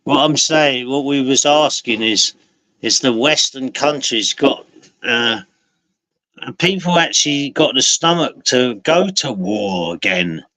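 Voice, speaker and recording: A man's voice: mid-range voice, animated, takes it slowly, sharp tone, no room sound, low-quality recording. A man hosting a livestream panel, blunt and steering the conversation back on topic. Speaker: host.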